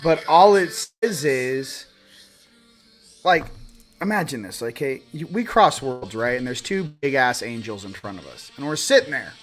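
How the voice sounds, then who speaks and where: A man in his forties hosting a casual spiritual talk, rambling and animated, sometimes swearing. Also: medium pitch, a little slow, soft background music. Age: 40s. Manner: rambling, animated, swearing, acts out quoted voices.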